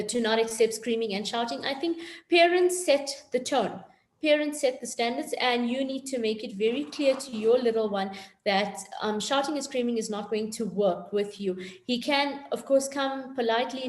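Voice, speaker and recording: A woman coach calmly explaining how to handle a child's tantrums during a panel discussion. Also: fairly high pitch. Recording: echoey room.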